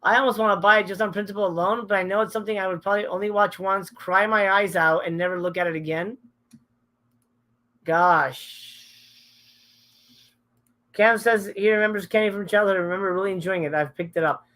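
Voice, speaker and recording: Middle-aged male streamer, casual and cursing, emotional and halting as he reacts to chat. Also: sits high, steady tone, sharp tone. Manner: candid and emotional, swears often, trails off and restarts. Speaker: live stream host. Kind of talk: casual live-stream chat, reading viewer comments.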